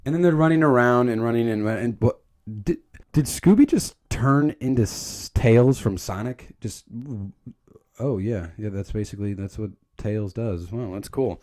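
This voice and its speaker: Young man, casual comedic recap, rambling, trips over words, mid-pitched voice. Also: lively intonation, normal speed. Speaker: video creator recapping a movie.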